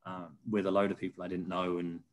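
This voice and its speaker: A man's voice: deep voice, level tone, fast talker. A man hosting a podcast, telling chatty anecdotes in an easygoing way. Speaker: podcast host. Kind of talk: casual interview chat.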